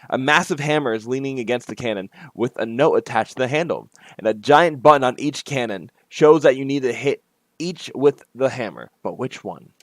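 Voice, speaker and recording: Brief: a chatty man narrating a game, mid-pitch, dry close sound. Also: dry recording. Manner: casual, chatty asides and self-corrections. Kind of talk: reading a self-made game aloud.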